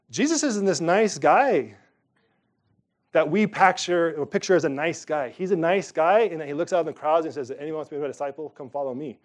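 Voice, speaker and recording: A middle-aged man preaching a sermon from the pulpit, emphatic and animated, with sudden loud rises. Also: fairly high pitch, a little fast. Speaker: pastor.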